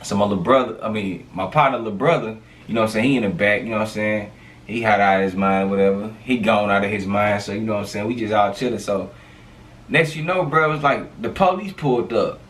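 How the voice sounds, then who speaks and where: A man telling a street story in a casual, animated storytime monologue, full of slang and fillers. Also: on the low side, fast talker, distant mic.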